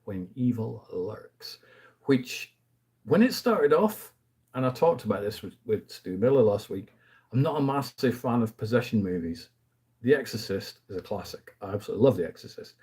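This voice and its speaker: A man's voice: lowish voice, very animated, normal speed, darkish tone, husky. A man hosting a casual movie review chat, rambling through asides with the odd light laugh. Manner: chatty and rambling, with frequent asides and fillers; laughs lightly mid-sentence.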